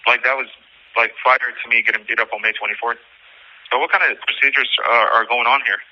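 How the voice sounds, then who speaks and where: A man's voice: medium pitch, brisk. A man talks over a dull, muffled phone connection from jail. He sounds worked up, rambling and swearing as he pours out his account, his voice sitting in an ordinary middle range. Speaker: jail inmate on a recorded call. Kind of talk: emotional personal account.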